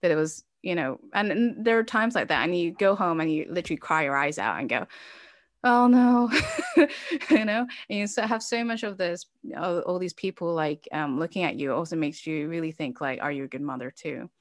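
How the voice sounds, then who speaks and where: A woman's voice: low-pitched, a little fast, dry recording, studio quality. A woman, an immigrant mother living in Norway, telling a personal story as an interview guest, emotional and laughing at times, with many fillers.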